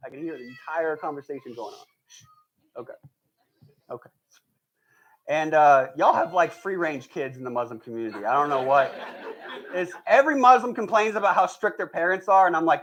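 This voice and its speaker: A man's voice: fairly high pitch, brisk. A man performing a stand-up comedy set in front of a live audience, telling stories with lots of energy, acting out the people in them and laughing at his own jokes. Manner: animated storytelling, acts out quoted voices, laughs at own jokes. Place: live show before an audience.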